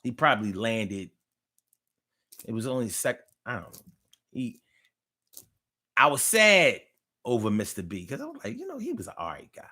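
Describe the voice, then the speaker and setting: A man's voice: medium pitch, wildly swooping pitch, moderate pace, long pauses, bright, forceful tone. A man hosting a live online talk show, telling a story casually and profanely, repeating phrases.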